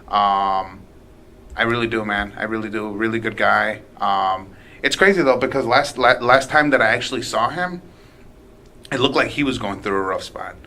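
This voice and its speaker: A man's voice: on the low side, sharp tone, a little hiss or hum. A young man hosting a podcast, talking in an earnest, casual way and calling people "man" and "dude". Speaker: podcast host. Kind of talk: casual chat.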